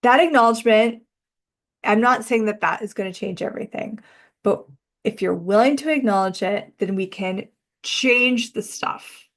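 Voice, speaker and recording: A woman hosting a self-help podcast, talking reflectively in a casual, musing way, often slowing down and drawing out words. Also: fairly high pitch. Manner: musing, conversational, uses "like" a lot. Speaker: podcast host and energy coach.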